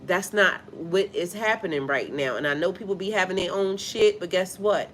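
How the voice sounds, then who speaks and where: Reading viewer comments aloud between points, a woman who coaches spiritual life and has a child rants bluntly, emphatically, and profanely on a casual live stream. Her voice leans low, moves at a moderate pace, and carries a little hiss or hum.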